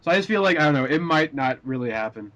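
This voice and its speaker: A man's voice: medium pitch, animated, quick pace, a bit bright. A young man hosting a casual group chat podcast, rambling with lots of fillers and frequent laughs. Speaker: podcast host.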